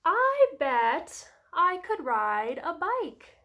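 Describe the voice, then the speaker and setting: A woman voicing a cheerful, adventurous male duck riding a bike in a children's picture book, calling out loud, bright greetings. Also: very high-pitched, very animated, very slow, pitched above the performer's own voice, exaggerated voice. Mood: cheery.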